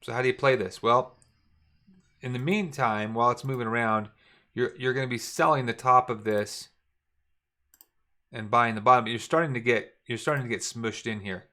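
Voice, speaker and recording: Middle-aged male trading instructor, easygoing, repeats key points, mid pitch. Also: normal speed, long pauses, bright, forceful tone. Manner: casual, repetitive, talks while drawing charts. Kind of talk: screen-share trading lesson.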